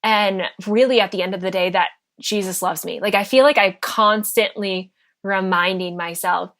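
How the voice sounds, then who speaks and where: A woman hosts a podcast interview at a mid pitch for a woman. She talks in a chatty, reflective way and often searches for words with "like" and "you know.". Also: steady tone, normal speed, a bit bright. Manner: chatty, reflective, many fillers like "like". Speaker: podcast host.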